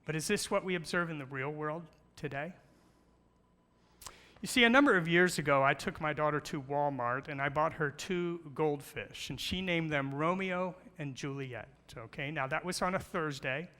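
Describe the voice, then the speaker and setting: A middle-aged man, a guest speaker on creation, uses slides in a playful church talk full of questions and jokes. He sounds a little high, bright, and forceful, at a moderate pace. The recording, made in a large church hall, has long reverb.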